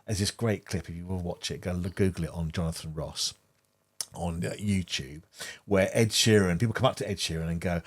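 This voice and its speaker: Man, fairly low voice, middle-aged, earnest co-host chat. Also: fairly quick. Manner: earnest, repeats words as he thinks. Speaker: podcast co-host. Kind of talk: casual conversational chat.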